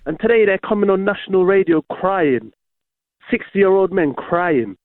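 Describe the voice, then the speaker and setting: Guy on a tinny phone line, cocky, keeps going yeah?, fairly high voice. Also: animated, moderate pace, no room sound. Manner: cocky, needling, repeats "yeah?". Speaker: caller. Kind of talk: phone-in banter.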